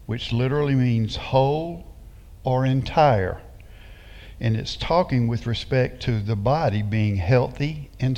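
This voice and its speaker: A man preaching a sermon as pastor, reading scripture slowly and emphatically and putting rhetorical questions to his congregation. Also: mid-range voice, gravelly, darkish tone, in a large hall, dull audio.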